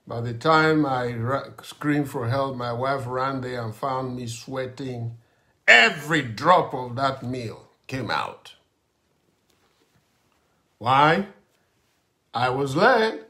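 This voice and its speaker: A male pastor preaching a sermon and telling a personal testimony in a slow, dramatic storytelling manner. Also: medium pitch, bright, forceful tone. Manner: slow, dramatic storytelling with grumbling asides and laughs.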